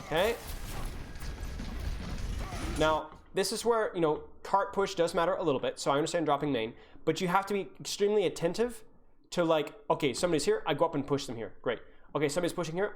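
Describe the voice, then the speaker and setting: A woman's voice: lowish voice, darkish tone. A young woman coaching over a live-streamed gameplay review, ranting and exasperated, hammering her points home by repeating them.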